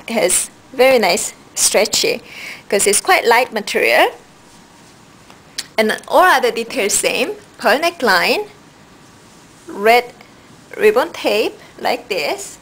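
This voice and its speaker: A woman stylist walks through outfits at a slow, patient pace, her voice sitting a little high. She is recorded from some distance in a roomy space with faint background noise. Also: fairly bright tone. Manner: unhurried, shows each item with "like this". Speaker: fashion stylist presenting clothes. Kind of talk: product styling demo.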